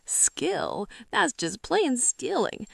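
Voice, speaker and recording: A woman voicing a sly old male farmer who speaks in a wry, unhurried way. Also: high-pitched, very animated, gravelly, breathy edge, dry recording, pitched above the performer's own voice, exaggerated voice.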